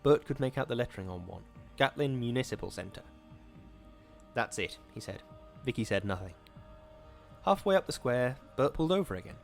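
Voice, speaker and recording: A man hosting a show, reading a horror story aloud in a steady, measured way. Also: medium pitch, vocal fry, faint music behind.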